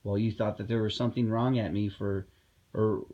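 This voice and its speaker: A man's voice: medium pitch, expressive, normal speed, darkish tone, dull audio. A man talking in a casual vlog monologue, rambling and heated, with many fillers and restarts, recorded at home. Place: at home indoors.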